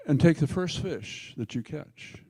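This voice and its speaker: A man preaching a sermon, voicing Jesus as a calm male teacher giving slow, raised instructions. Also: a little high, breathy edge, no echo, pitched above the performer's own voice, full character voice. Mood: instructing.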